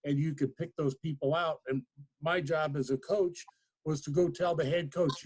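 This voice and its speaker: A man's voice: a little high, normal speed, a little mellow, husky. A man hosting a casual interview talks like the former coach he is. He is plainspoken and emphatic. He drives his points home by repeating them. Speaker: podcast host, former coach.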